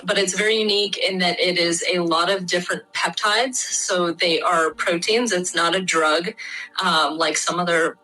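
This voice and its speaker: A woman's voice: lowish voice, fairly even intonation, normal speed, sharp tone, low-quality recording. A woman with a Midwestern American accent, a guest in an interview, explaining things in a chatty, frank way with lots of fillers.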